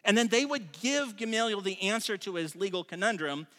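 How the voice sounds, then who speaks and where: A man preaching a sermon in a relaxed, conversational way, stressing key points and often restarting his phrases. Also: high-pitched, brisk. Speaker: pastor. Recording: long reverb of a large room.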